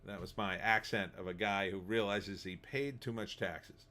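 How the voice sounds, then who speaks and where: A man's voice: on the low side, steady tone, moderate pace, bright, forceful tone. A middle-aged man hosting a live stream, reading chat messages and mocking them in sarcastic, laughing commentary. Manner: sarcastic, laughs often, mocking put-on voices. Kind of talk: casual commentary.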